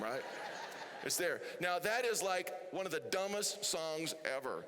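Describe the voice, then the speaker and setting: A man's voice: fairly high pitch, animated, moderate pace, in a large hall, background noise. A man preaching a sermon as pastor, chatty and often asking the congregation questions. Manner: chatty, asks the crowd questions. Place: church hall.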